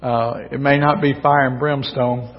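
A man preaching a sermon to his congregation in a folksy, joking way, his voice a little hoarse because he is losing it. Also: medium pitch, level tone, a little slow, a little hiss or hum. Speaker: pastor. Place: church sanctuary. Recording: distant, dull church recording with long reverb.

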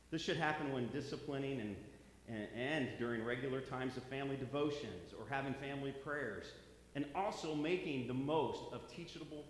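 A male preacher with a lively, animated pitch that climbs and falls as he speaks, folksy at first and then earnest. He is heard in a very echoey hall with a long reverb tail and a faint background hum. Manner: folksy joke-telling, then earnest exhortation. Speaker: pastor. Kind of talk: sermon.

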